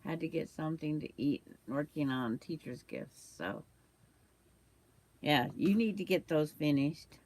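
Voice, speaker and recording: A woman's voice: deep voice, expressive, a little slow, darkish tone. An older woman hosting a quilting livestream, chatting casually with viewers while she sews and trims fabric, with the hiccups.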